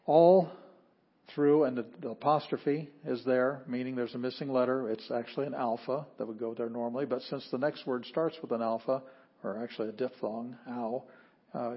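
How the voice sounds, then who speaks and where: A man with a husky, slightly rough voice teaches an introductory Greek class. He explains grammar step by step and pauses to sound out each word. The recording is dull and lo-fi. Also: mid-range voice. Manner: explanatory, stops to sound out words. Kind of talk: classroom lecture. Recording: dull lo-fi audio.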